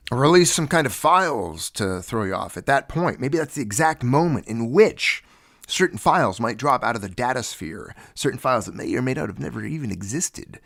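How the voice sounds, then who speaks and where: A man's voice: mid-range voice, gravelly, a bit bright. A man hosting a livestream, chatting casually and greeting viewers one by one. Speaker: livestream host. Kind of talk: casual chat with live viewers.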